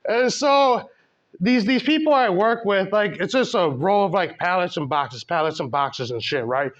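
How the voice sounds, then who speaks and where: A man's voice: high voice, animated, normal speed. A young man doing a stand-up comedy set, rambling and profane, full of filler words, recorded in a small comedy venue. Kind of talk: stand-up set at an open mic. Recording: dull lo-fi club recording.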